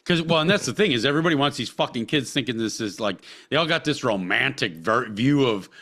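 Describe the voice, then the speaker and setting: A man's voice: mid-range voice, expressive, quick pace, sharp tone. A man co-hosting a podcast, talking in a crude, rambling way with lots of swearing and restarts. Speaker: podcast co-host. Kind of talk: casual crude podcast banter.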